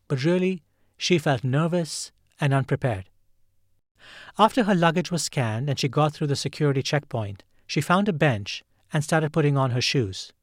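A man's voice: fairly high pitch, no echo. Man narrating in a dry studio. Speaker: host. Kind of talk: scripted narration.

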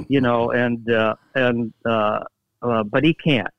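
An older man tells stories in a relaxed interview, jumping into animated quoted voices with plenty of halting restarts. The recording is dry and a little dull, with no room sound. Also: medium pitch, clean tone, dry recording. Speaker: guest storyteller, former team executive. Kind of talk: casual storytelling interview.

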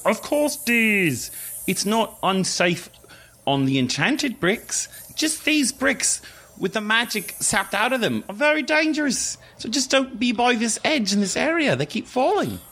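A round, cheerful wizard professor who speaks in a slow, earnest, slightly fussy way, as a woman game master puts him on. The voice sits higher than her own and moves deliberately. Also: very animated, a bit bright, husky, heavily acted. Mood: reassuring. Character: plump cheerful male professor.

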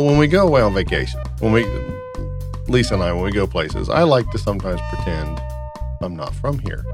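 Lively laughing podcast host man. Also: deep voice. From United States. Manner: rambling storyteller, laughs often. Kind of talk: casual chat.

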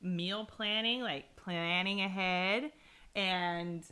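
A woman's voice: lowish voice, fairly even intonation, extremely slow, pushed and bright. A young woman, co-host with her husband, talking in a teasing, appreciative way in casual chat. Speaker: co-host, wife.

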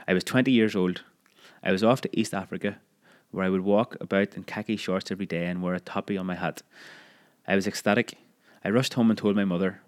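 A man narrating a memoir audiobook in a measured, expressive storytelling manner. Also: low-pitched.

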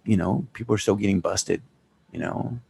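Brief: husky, gravelly male co-host with a rambling manner. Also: deep voice, moderate pace, warm tone. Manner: rambling, swears freely. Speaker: podcast co-host. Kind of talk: casual podcast chat.

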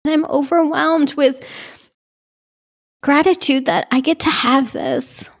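A woman's voice: high voice, slow pace. A woman speaking in a personal vlog, gushing and heartfelt, emotional and close to tears. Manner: gushing, heartfelt, tearful at times. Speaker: vlogger speaking to her community.

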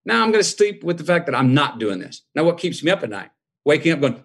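A man's voice: fairly high pitch, very animated, quick pace, slightly rough. A man in his fifties, a guest telling a personal story in a folksy, reflective way and acting out the dialogue he quotes. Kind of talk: conversational storytelling.

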